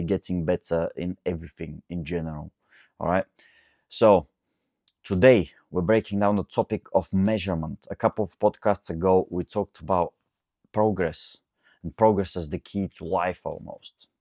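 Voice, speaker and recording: Podcast host, male, very low voice, dry close mic, ranting solo monologue. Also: dry recording. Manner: ranting, animated, self-correcting.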